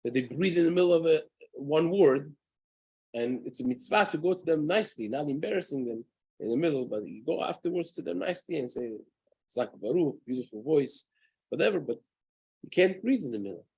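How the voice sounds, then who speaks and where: A man's voice: a little high, lively intonation, fairly quick, gravelly, a little mellow, breathy edge. A man, a rabbi, giving a spoken Torah lesson in an earnest way, often asking "right?" and using Hebrew terms. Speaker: rabbi teaching a daily halacha class.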